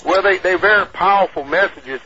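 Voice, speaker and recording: A man with a bright, tense, somewhat high voice talks eagerly on the radio, stammering and restarting. The audio is dull and lo-fi. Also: brisk. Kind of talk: casual radio talk.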